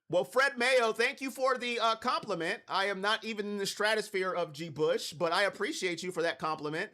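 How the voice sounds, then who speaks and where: A man with a high, bright, ringing voice calls a football game play by play for a live stream. He talks straight to his chat in an energetic, hype-driven way. His voice sounds worn thin from talking. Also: fairly quick, hardly any pauses. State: voice wearing thin. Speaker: livestream watch party host.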